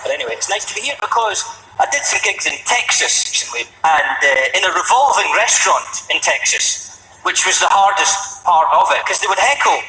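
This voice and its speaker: A Scottish man performs a stand-up set with dry, deadpan storytelling. His voice sits slightly high for a man. The sound comes from a distance through an echoey room, with music in the background. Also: a little fast, creaky. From Scotland. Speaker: stand-up comedian. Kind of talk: stand-up routine.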